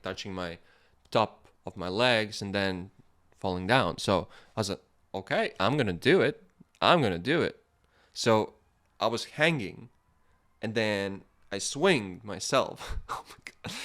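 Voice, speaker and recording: A man hosting a podcast, telling a personal story in a casual monologue, animated and laughing in places, quiet and reflective in others. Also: fairly low pitch, smooth. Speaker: podcast host.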